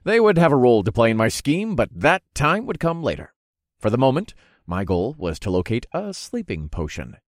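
Expressive male audiobook narrator. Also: mid-range voice, normal speed, dry recording, clean studio sound. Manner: lively, expressive reading. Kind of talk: first-person story narration.

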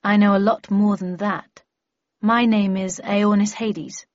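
A woman's voice: medium pitch, steady tone, no room sound. Smug young villainess, cold and scheming, dry muffled recording, as a woman reader puts her on. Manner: smug, menacing, measured.

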